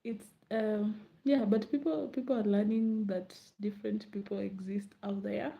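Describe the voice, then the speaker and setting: A young Kenyan woman with a Kenyan accent chatting casually late at night, rambling and laughing, often dropping to a soft murmur. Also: medium pitch, fairly even intonation, moderate pace, gravelly, dull audio. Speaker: vlogger.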